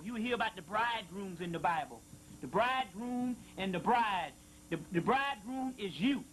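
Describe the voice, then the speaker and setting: A man lecturing to an audience, slowly reading passages aloud and stopping often to explain them and check that listeners follow. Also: very high voice, expressive, a bit bright, slight background noise, rough recording. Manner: slow emphatic reading of quotes, frequent "you see what I'm saying". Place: lecture hall with live audience.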